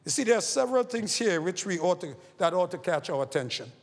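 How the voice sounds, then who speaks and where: A man delivering a sermon in a high-pitched voice, rising loud on key phrases and sinking low and slow on others. The sound carries a long reverb, as in a large hall. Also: very animated, vocal fry, breathy edge. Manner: preaching with sweeping rises and falls in pitch and loudness. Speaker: preacher.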